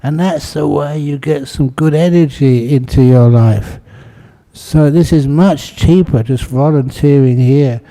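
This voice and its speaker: A man, a Buddhist monk, speaking calmly and gently to a meditation group, then guiding a meditation. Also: fairly high pitch. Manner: calm, unhurried, gently spoken. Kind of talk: talk and guided meditation. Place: meditation hall with an audience.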